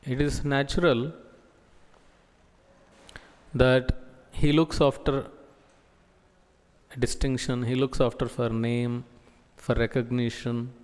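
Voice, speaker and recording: A man delivers a sermon-style scripture class in a slow, measured way. He halts often, pausing to search for words. His mid-pitched voice carries a long echo from a temple hall. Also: little pitch movement, clear, resonant tone. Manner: slow, halting delivery with many pauses and fillers. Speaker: preacher giving scripture class.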